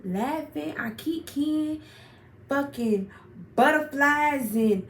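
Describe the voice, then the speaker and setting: A young woman telling a personal story in a casual, animated, profane way, getting worked up as she retells it. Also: high voice, slow pace. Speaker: storyteller vlogger. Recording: roomy echo, far from mic, faint noise.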